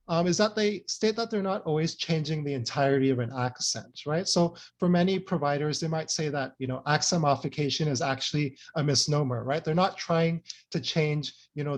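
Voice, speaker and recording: A man giving an academic presentation, earnest and loose, with many fillers and frequent "right?" checks. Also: on the high side. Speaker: speaker presenting a talk.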